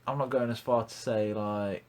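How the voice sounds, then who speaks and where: A man's voice: on the low side, fairly even intonation, moderate pace, a little mellow. A young man hosting a casual podcast, blunt and ranting, swearing freely. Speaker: podcast host.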